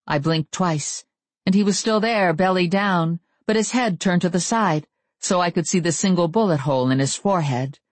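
A woman reading a first-person novel aloud, with measured, wry storytelling. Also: lowish voice, no echo. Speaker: audiobook narrator.

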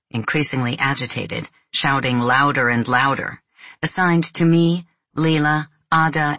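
In a dry recording, a low-voiced woman reads from a novel as an audiobook narrator. Her storytelling is steady and measured.

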